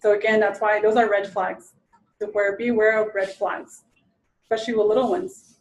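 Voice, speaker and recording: A woman's voice: mid-range voice, little pitch movement, normal speed, muffled recording, slight background noise. A woman in her thirties giving an informal training lecture, talking conversationally, restarting sentences and acting out quotes. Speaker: presenter at a training session.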